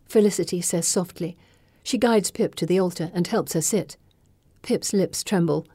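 A woman reading first-person scripted narration in a measured, dramatic way. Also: fairly low pitch, dark tone, no room sound, clean studio sound. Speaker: audiobook narrator.

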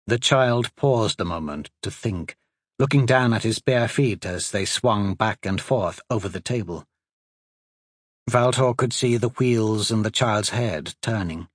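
Unhurried man narrating a fantasy audiobook. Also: medium pitch, slightly rough, no echo, clean studio sound. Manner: expressive, unhurried reading.

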